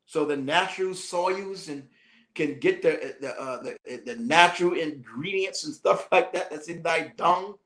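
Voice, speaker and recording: A man's voice: fairly high pitch, unhurried, fairly bright tone, echoey room. A man teaching as a minister, reading a text aloud and breaking off into slangy, joking asides with frequent laughs.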